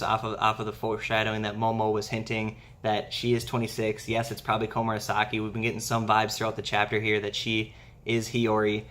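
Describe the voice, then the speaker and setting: A man's voice: medium pitch, a bit bright. A man hosting a casual manga discussion, recapping events in a rambling way and leaning on "essentially" and "yes".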